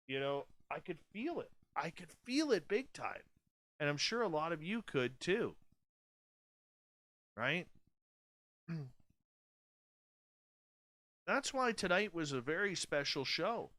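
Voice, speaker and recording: A man's voice: a little high, sing-song, slow pace, long pauses, a bit bright, no echo. A man in his forties hosting a radio show, speaking bluntly and candidly in a casual late-night monologue. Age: 40s. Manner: blunt, candid and profane, with many restarts.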